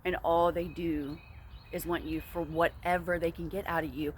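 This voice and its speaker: A woman's voice: low-pitched, little pitch movement, moderate pace, slight background noise. A woman talking straight to camera in a casual advice vlog, blunt and emphatic, repeating points for emphasis. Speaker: vlogger.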